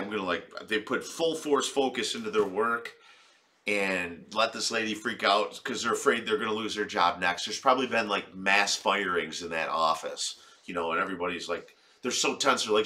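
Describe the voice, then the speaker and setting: A man doing comic reaction commentary in a rambling, profane style. His voice sits low, and it has a bright, forceful edge to it. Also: a little fast. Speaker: video commentator.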